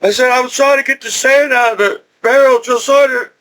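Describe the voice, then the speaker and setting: Middle-aged man, high voice, loose rambling storyteller who laughs between lines. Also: steady tone, fairly quick, bright, forceful tone. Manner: rambling, repeats and restarts, laughs often. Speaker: veteran telling his story. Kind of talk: casual storytelling.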